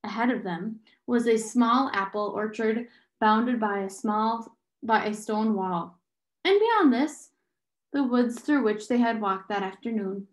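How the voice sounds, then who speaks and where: A woman steadily reading a novel aloud in an echoey room. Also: mid-range voice. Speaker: reader.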